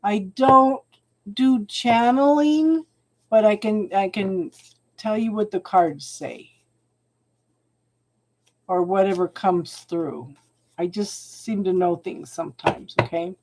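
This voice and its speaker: Slow-talking woman doing live tarot readings. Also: mid-range voice. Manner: chatty, warm-hearted, calls viewers hon. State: tearful, emotional. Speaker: tarot reader.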